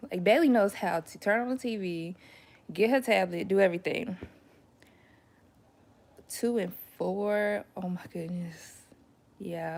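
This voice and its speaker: A woman's voice: lowish voice, creaky. A young woman chatting casually as a mom, telling stories with slangy asides and frequent laughter. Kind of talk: casual chat.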